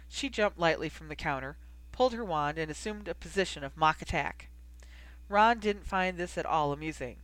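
Audiobook narrator, steady storytelling, dry close sound, mid pitch. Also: normal speed, no echo, rough recording. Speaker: audiobook reader. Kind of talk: scripted narration.

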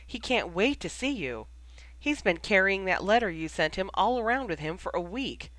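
An audiobook reader voicing a tired, shaken teenage girl who speaks haltingly. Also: mid-range voice, sing-song, fairly bright tone, no echo, rough recording. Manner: hesitant, halting. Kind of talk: audiobook character voice.

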